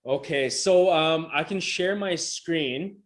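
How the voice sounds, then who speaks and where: This middle-aged motivational coach, voice on the high side, takes his time as he presents a session through a video call mic. His delivery is forceful and repetitive, loose and casual, with plenty of swearing.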